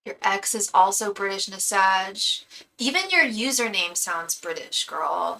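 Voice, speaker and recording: A woman's voice: medium pitch, expressive, normal speed, pushed and bright. A woman in her thirties giving a live-streamed tarot reading, chatty and full of ums, calling viewers girl. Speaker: tarot reader and psychic. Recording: distant mic with faint background noise.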